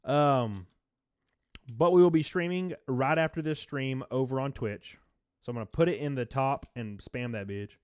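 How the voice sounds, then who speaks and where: A man live streaming, chatting casually, swearing, laughing often and reading chat aloud in a low-key mood. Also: moderate pace, darkish tone, smooth, no room sound, studio quality.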